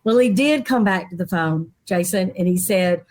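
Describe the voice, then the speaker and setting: A middle-aged woman, a guest in an interview, telling a personal story in a lively way and acting out other people's voices. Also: lowish voice, moderate pace. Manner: animated, acts out quoted people's voices.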